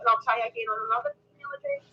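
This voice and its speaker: A woman's voice: fairly high pitch, huge pitch swings, racing, slightly rough. A woman from the UK calling in to a live stream and giving casual practical advice over the phone. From United Kingdom. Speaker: caller. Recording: phone line.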